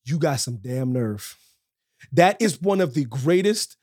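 A man co-hosting a wrestling podcast, ranting with animated energy and frequent repetition. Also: medium pitch, measured pace, breathy edge, no room sound, clean studio sound. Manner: animated, repeats himself, loud rants. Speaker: podcast co-host.

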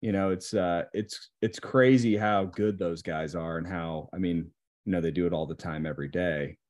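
Young man, lowish voice; easygoing guest who rambles casually. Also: normal speed, lo-fi sound. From Indiana. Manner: relaxed, rambling, many fillers like "like" and "you know". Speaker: podcast guest. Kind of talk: casual chat.

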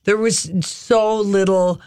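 High voiced guy hosting a radio show, playful questions, dry studio sound. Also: fairly even intonation, slow pace, darkish tone, clean tone, no room sound. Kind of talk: casual radio chat.

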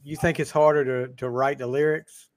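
A man's voice: mid-range voice, flat delivery, normal speed, no room sound. A man co-hosting a podcast, chatting casually and reminiscing in an easygoing way. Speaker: podcast co-host. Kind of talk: casual chat.

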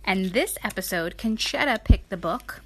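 A mother hosting a bedtime story show, reading a children's picture book aloud in an animated, sing-song voice. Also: medium pitch, normal speed.

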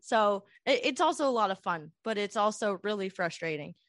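A woman's voice: medium pitch, moderate pace, no echo. Rambling young woman, dry close sound. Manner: rambling, animated, many "like" fillers. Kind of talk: casual storytelling chat.

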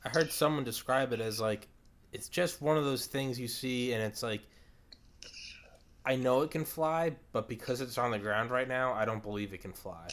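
A man's voice: medium pitch, normal speed, a bit bright. Rambling, profane male podcast host. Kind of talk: casual chat.

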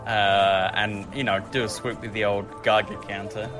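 A man's voice: on the low side, level tone, moderate pace, over music. A man playing in a tabletop role-playing game, joking and teasing the game master. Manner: joking, teasing, laughs often. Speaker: player. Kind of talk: casual tabletop game chat.

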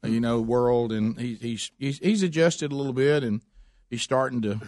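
A man co-hosting a radio show, talking in casual banter with halting restarts. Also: mid-range voice, a little mellow, dry recording. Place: radio studio.

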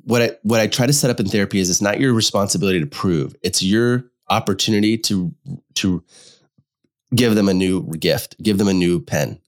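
A man, a couples therapist, talking through ideas in a casual podcast conversation, thoughtful and halting, often restarting his phrases. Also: on the low side. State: slightly unwell.

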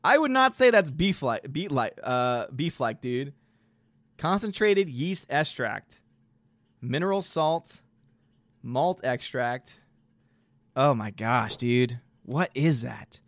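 A man casually live-streaming, reading chat aloud and reacting in an animated way, throwing in lots of "dude" and "man.". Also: medium pitch, takes it slowly, dry recording. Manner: animated, exclaiming, says "dude" and "man" a lot.

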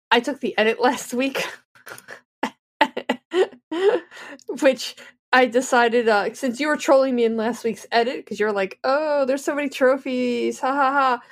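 Chatty woman telling a story. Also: a little high. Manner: animated storyteller, acts out both sides of dialogue. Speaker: podcast co-host. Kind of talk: casual podcast chat.

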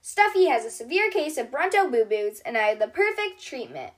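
A woman's voice: high voice, big pitch swings, brisk. A woman voicing a cheerful, caring young girl who plays toy doctor, in a children's storybook reading. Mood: cheery. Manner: bright, kind, reassuring. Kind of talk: storybook read-aloud for kids.

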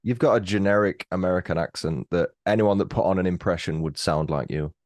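A British man in his thirties with a notably low voice, trading crude, teasing banter as a podcast guest. The sound is dry and close, with no room around it. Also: a little fast, no room sound. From England. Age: 30s. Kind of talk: casual chat.

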